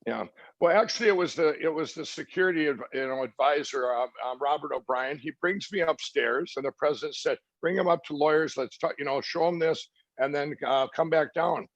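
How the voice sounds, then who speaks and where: A middle-aged man telling a long story in an interview, halting with many restarts and fillers, quoting what others told him. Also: fairly high pitch, no room sound. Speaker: interview guest. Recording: dry, dull lo-fi sound.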